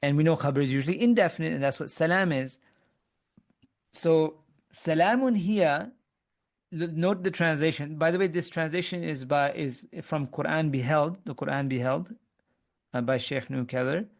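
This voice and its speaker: A man's voice: fairly high pitch, normal speed, vocal fry. Man teaching grammar in an online class. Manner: explains step by step, quizzes students, frequent restarts. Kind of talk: online webinar lesson.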